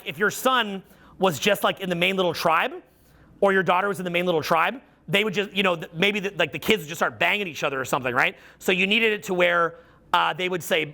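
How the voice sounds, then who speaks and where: A man's voice: sits high, creaky, sharp tone. A middle-aged man giving a live seminar talk as a social skills coach, telling profane stories full of acted-out quotes.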